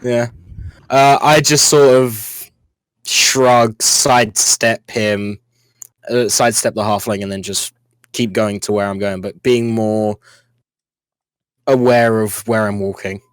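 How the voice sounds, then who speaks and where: A British man playing a tabletop game, halting and repeating his words. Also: fairly low pitch, fairly even intonation, clear, resonant tone, no room sound. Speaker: player. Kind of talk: casual tabletop role-play.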